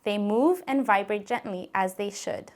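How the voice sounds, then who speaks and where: A woman giving calm, clearly spoken scripted narration for an instructional voice-care video. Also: medium pitch, unhurried.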